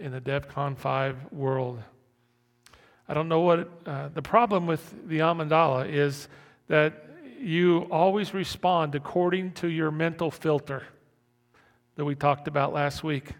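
Unhurried and a little high-voiced, this man preaching as pastor keeps his sermon conversational, often repeating and restarting phrases. He also acts out panicked inner voices, all under a long hall reverb.

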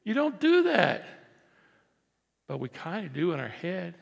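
A man preaching a conversational sermon as pastor, moving from quiet asides to loud, emphatic repeated lines. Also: high-pitched, huge pitch swings, a little slow, gravelly. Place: large church hall. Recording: long reverb of a church hall.

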